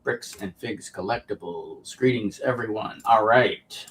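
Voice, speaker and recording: A man with a fairly low voice hosts a casual livestream chat. He sounds relaxed and loose, with plenty of ums as he greets viewers and reads their comments aloud. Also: measured pace. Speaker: podcast host.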